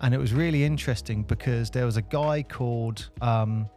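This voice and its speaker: A man's voice: mid-range voice, moderate pace, mellow, soft background music. A man with a British accent co-hosting a podcast in casual chat, rambling with fillers and restarts. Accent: British English. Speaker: podcast co-host.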